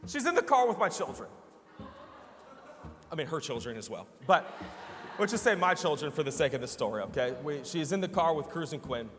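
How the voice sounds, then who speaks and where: Pastor, male, high bright voice, animated sermon storyteller, church hall echo. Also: brisk, pauses often, faint music behind. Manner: animated, laughing storyteller with falsetto imitations. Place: church sanctuary.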